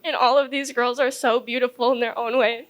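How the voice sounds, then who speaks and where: A woman's voice: a little high, little pitch movement, a little fast. A young woman giving an emotional farewell speech at a ball, nervous and tearful, stumbling over her words. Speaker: outgoing court member giving a farewell speech. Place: ballroom event.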